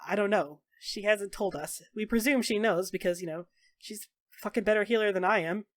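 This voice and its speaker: A woman voicing a reserved, self-deprecating man who speaks in a flat, subdued way. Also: mid-range voice, a little fast, no echo, clean studio sound, lightly acted. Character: reserved, self-deprecating male former healer.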